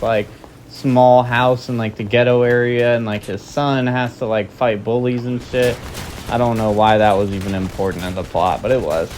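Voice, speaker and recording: A man's voice: medium pitch, a little mellow, slight background noise. A young man casually recapping a movie plot for his video channel, rambling with lots of fillers. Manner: rambling, filler-heavy, offhand. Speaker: video creator.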